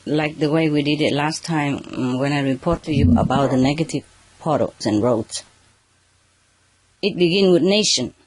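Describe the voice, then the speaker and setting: A spiritual teacher addressing a live audience under spotlights, speaking halting, non-native English and often checking in with "okay" and "huh". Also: medium pitch, husky. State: slightly emotional at moments. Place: under bright spotlights, indoors.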